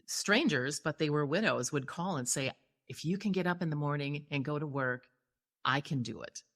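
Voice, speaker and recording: A woman's voice: sits low, fairly bright tone. A woman hosting an interview podcast, reacting with emotion and effusive praise as she talks with her guest. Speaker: podcast host. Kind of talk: interview conversation.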